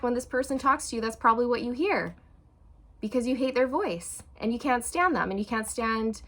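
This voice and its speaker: A tarot reader, she channels a reading for her viewers in a chatty, expressive manner. Quoted feelings get acted out with big swings, while the emotional passages drop to a soft, low voice.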